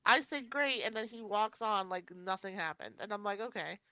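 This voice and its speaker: Woman podcast co-host, bright and upbeat, close dry mic, giggly storyteller. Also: mid-range voice, brisk, no room sound. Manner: laughs often, acts out other people's lines. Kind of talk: casual chat, storytelling.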